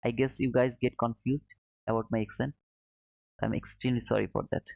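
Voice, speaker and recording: A man with a non-native English accent hosting a live trading stream, explaining slowly, repeating points and answering viewers by name. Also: mid-range voice, little pitch movement, vocal fry, a little mellow, no echo, dull audio. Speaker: livestream trading host.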